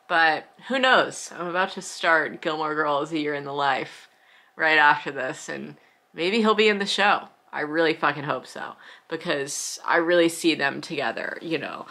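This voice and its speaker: A woman's voice: sits low, moderate pace, creaky, sharp tone. A young woman chatting casually to camera in her vlog, gushing and swearing freely, sounding tired. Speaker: vlogger.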